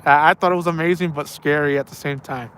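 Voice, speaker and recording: A man tells a rambling story on a night outing, circling back and repeating himself. His voice sits slightly high for a man. There is a faint hum of noise in the background. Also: fairly even intonation, quick pace, a bit bright. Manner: rambling and repetitive, with slang like "man" and "bro". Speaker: angler telling stories on a night fishing trip. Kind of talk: casual spoken storytelling. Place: outdoors by the water at night.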